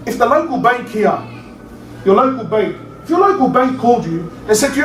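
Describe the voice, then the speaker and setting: A male preacher giving an animated sermon to a crowd, often rising to near-shouts and calling listeners brother. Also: extremely high pitch, quick pace, slight background noise. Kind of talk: passionate sermon. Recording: echoey hall, mic at a distance.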